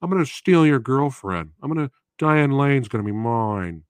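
A man's voice: mid-range voice, lively intonation, normal speed, no room sound, pitched above the performer's own voice, close to an everyday voice. A man imitating a cocky young man who boasts that he will steal someone's girlfriend. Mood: smug. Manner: smug, boastful.

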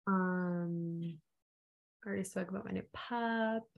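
Young woman, podcast co-host, relaxed and searching for words. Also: fairly low pitch, measured pace, vocal fry, lo-fi sound. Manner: laid-back, hesitant, lots of "um" and "like". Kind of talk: casual chat.

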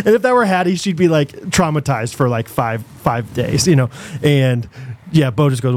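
Young man, podcast co-host, rambling animated storytelling, slightly high voice. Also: moderate pace. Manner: rambling, animated, lots of fillers and restarts. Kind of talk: casual storytelling chat.

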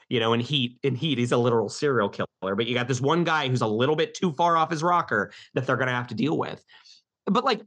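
A man's voice: medium pitch, a bit bright. A man co-hosting a casual film podcast, talking in an easygoing, rambling way with casual swearing. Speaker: podcast co-host.

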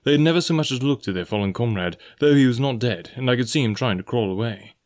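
A man's voice: mid-range voice, animated, quick pace, darkish tone. Man narrating a storybook. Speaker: audiobook narrator.

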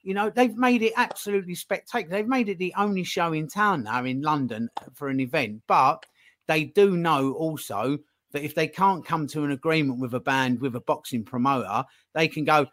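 A man talking casually as a podcast guest, animated, acting out little dialogues as he makes his point. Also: on the high side, normal speed. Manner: animated, acts out phone calls in put-on voices.

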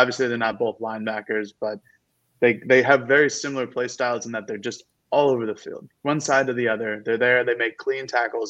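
A man co-hosting a casual sports podcast, laying out earnest, detailed analysis of players and picks. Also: medium pitch. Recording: dull lo-fi mic.

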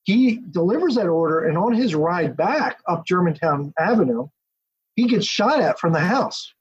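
A man, an author and historian, giving a detailed, steady account as a podcast interview guest. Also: high voice, normal speed, breathy edge. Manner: detailed, steady storytelling with asides. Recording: dull lo-fi audio.

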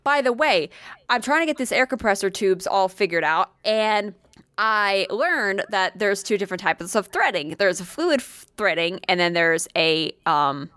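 A woman's voice: medium pitch, expressive, unhurried, a bit bright, smooth, no echo. A woman telling a workplace story in casual chat, blunt and swearing often, acting out what people said.

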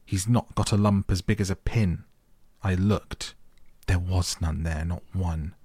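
A man voicing a fierce, indignant young girl in a soft storybook reading. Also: deep voice, fairly even intonation, unhurried, husky, no room sound. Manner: fierce, insistent.

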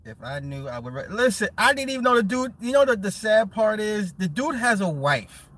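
A man's voice: high voice, big pitch swings, normal speed, fairly bright tone, a little hiss or hum. A man streaming live and reading chat messages, talking casually in blunt, profane banter with frequent laughs, repeating words for emphasis.

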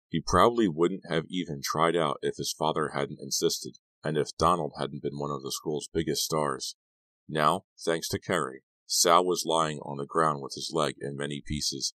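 A man narrating an audiobook in a steady, even storytelling voice. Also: extremely low pitch, no echo. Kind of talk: scripted narration.

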